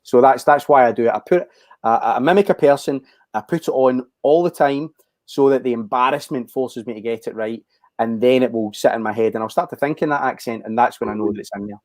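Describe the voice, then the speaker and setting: A Scottish man in his forties, an actor talking in a casual interview, thoughtful and halting with frequent restarts. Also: medium pitch, no echo. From Scotland. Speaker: actor, guest.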